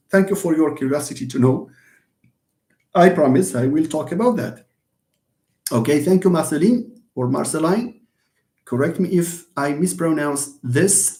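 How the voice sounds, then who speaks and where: A man's voice: on the high side, a little mellow. A man, a university linguistics professor giving a live-stream lecture and answering viewers' comments in a hesitant way, with many fillers, restarts and chuckles. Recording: echoey room.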